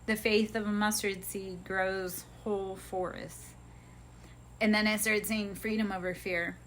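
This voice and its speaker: A woman's voice: mid-range voice, little pitch movement, measured pace, a bit bright, slight background noise. A woman hosting a live stream, giving an impassioned spiritual pep talk in casual speech and swearing freely.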